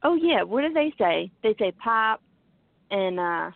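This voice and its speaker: A woman's voice: mid-range voice, lively intonation, a little slow, gravelly, no room sound. A woman from southeastern Pennsylvania with its accent, co-hosting a chatty, giggly conversation. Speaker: co-host. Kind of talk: casual chat. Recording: tinny phone-like call audio, dry.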